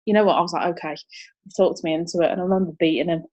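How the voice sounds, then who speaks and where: A woman's voice: on the low side, steady tone, rapid-fire, warm tone, lo-fi sound. Chatty young woman. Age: 20s. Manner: chatty, laughs often, upbeat. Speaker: martial arts competitor, interview guest. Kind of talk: casual interview chat.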